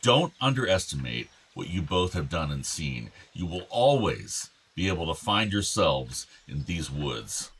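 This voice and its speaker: An actor playing an ailing older father in a radio drama, soft-spoken, tender and apologetic. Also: low voice, very animated, unhurried, hardly any pauses, husky, exaggerated voice. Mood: earnest.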